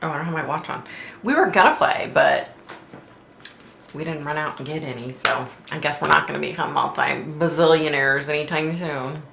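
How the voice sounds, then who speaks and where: Low-voiced gravelly woman, chatty livestream. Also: normal speed, roomy sound, noisy background. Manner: chatty, laughs often, reads comments aloud. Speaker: psychic medium hosting a livestream. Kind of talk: casual chat reading viewer comments.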